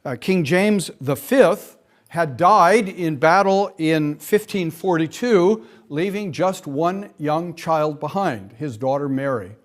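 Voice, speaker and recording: Male lecturer, middle-aged, slightly high voice, halting delivery with fillers and wry asides. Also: animated. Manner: frequent fillers, dry asides. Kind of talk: classroom lecture.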